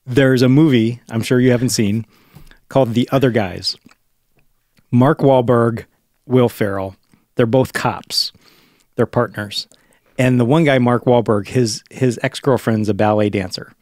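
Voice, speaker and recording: A man's voice: mid-range voice, steady tone, measured pace, darkish tone, no echo. Chatty middle-aged man on a dry mic. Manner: chatty, tells anecdotes with asides. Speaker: podcast co-host. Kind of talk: casual chat.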